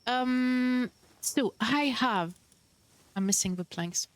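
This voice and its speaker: A young woman streamer speaks slowly in a fairly high voice, chatting casually as she plays and comments on the game. She's bubbly and coos over the cute creatures she meets.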